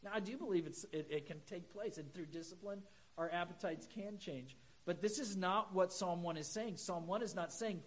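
A middle-aged man preaching a sermon, easy and conversational, dropping in humorous asides before climbing to emphatic points. His voice sits a little above the usual male pitch. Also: normal speed, a bit bright, rough recording. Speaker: pastor.

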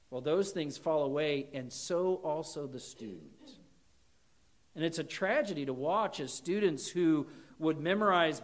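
A man preaching a sermon, earnest, reading scripture aloud and rising for emphasis. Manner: earnest, rises in pitch and volume for emphasis.

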